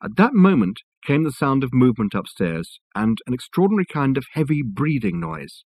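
Husky male audiobook narrator. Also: mid-range voice, sing-song, normal speed, darkish tone, no room sound. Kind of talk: scripted narration of a novel.

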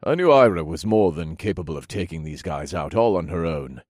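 A man reading a novel aloud in measured first-person narration. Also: deep voice, no room sound, studio quality. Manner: steady, measured storytelling. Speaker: audiobook narrator.

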